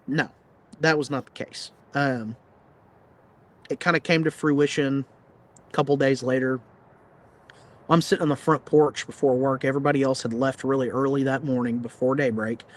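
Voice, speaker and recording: A man's voice: medium pitch, fairly even intonation, moderate pace, long pauses. A man guesting on a podcast, telling a personal story in a blunt, plain-spoken, rambling way full of fillers. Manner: rambling, filler-heavy retelling. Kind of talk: casual storytelling.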